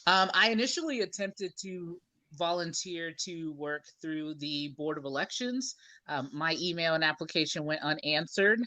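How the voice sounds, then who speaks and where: A tired man speaking as a guest on a casual live stream, clearly explaining poll hours and his volunteering. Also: on the high side, normal speed, pushed and bright, dry recording. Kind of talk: casual interview.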